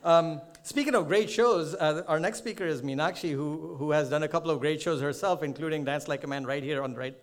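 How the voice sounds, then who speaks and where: A man's voice: a little high, steady tone, brisk, hardly any pauses. Rambling, chatty male stage host. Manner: rambling, self-deprecating, many fillers and restarts. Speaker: event host. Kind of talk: casual storytelling to a live audience. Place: theater stage.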